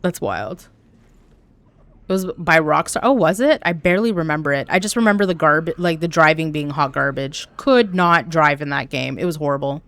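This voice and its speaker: A young woman from Canada talks casually to her viewers while she plays, animated and quick to swear. Her voice sits a little low and sounds smooth and clean. The sound is dry and close, with no room around it. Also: dry recording. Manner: chatty and animated, swears, reads chat aloud. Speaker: streamer. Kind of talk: casual live-stream chat while gaming. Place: home room.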